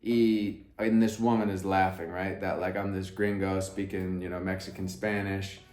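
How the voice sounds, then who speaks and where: A man telling a story to camera in a brash, profane way, swinging between hushed asides and loud emphatic bursts. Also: deep voice, little pitch movement, moderate pace, reverberant. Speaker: vlogger.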